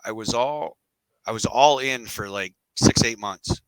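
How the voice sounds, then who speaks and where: A man's voice: lowish voice, a little slow, smooth, no room sound, poor audio. A middle-aged man telling his story as a podcast guest, candid and rambling with casual slang.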